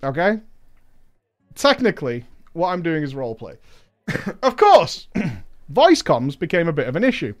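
A man's voice: a little high, big pitch swings, a little slow, pauses often. A man reading a story aloud with comedic commentary, breaking off for mocking, sweary asides. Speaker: podcast host reading a listener story.

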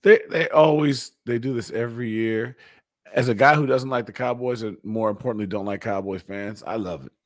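A man's voice: mid-range voice, brisk. A man in casual sports banter, blunt and teasing, laughing often.

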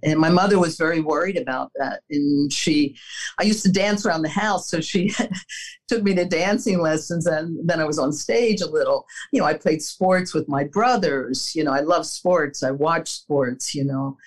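A woman's voice: sits low, normal speed, poor audio. An older woman answering interview questions, telling personal stories in an earnest way, with small laughs and restarts. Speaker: interview guest, former executive.

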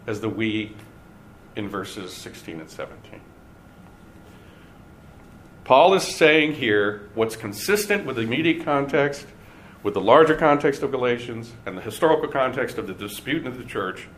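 A man teaching a Bible study class, speaking deliberately and stressing key words with pauses. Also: mid-range voice, fairly bright tone.

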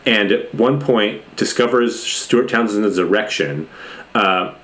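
A podcast co-host riffing on a movie in casual chat, sardonic and profane, with sudden jumps into a higher voice when excited. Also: takes it slowly.

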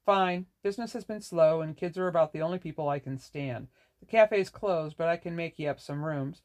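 A reader voicing a rude, sneering middle-aged woman who runs an inn, raised in pitch. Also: moderate pace, natural voice. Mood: curt. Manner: curt, scornful.

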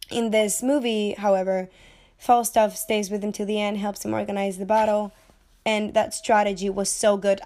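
A woman's voice: mid-range voice, warm tone. Young woman, casual film-review vlogger, under the weather and a little breathless; chatty and digressive, playful, swears casually. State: sick, short of breath, coughing. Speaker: movie reviewer.

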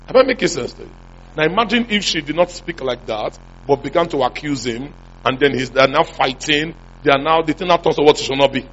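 A man's voice: on the high side, lively intonation, a little fast, fairly bright tone, slight background noise. A man preaching a sermon as a pastor, often asking the congregation whether he is making sense. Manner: call-and-response preaching, repeated questions to the congregation. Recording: muffled lo-fi sound.

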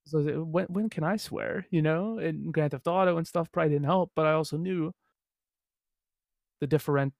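A man's voice: fairly high pitch, normal speed, gravelly, darkish tone, no room sound, clean studio sound. A young man hosting a podcast in casual chat, rambling with plenty of fillers and laughing often. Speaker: podcast host.

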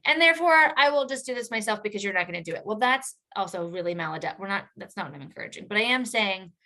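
A woman hosting a podcast alone, talking casually about relationship habits, often adding "like" and "right?", with her voice rising for emphasis. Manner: chatty, many "like" and "right?" tags; lively, jumps up in pitch for emphasis. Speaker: podcast host, therapist educator. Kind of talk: casual educational monologue.

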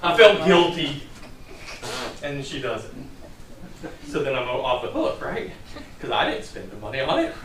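A man's voice: mid-range voice, animated, moderate pace, pauses often, background noise. A middle-aged man preaching a sermon in a conversational, storytelling way, from a distant mic in a church hall.

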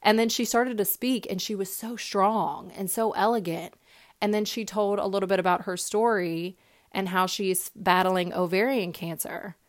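A woman's voice: medium pitch, steady tone, moderate pace. A young woman hosting a podcast, sharing a personal story in a heartfelt, casual way with many fillers and repeated words. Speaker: podcast host.

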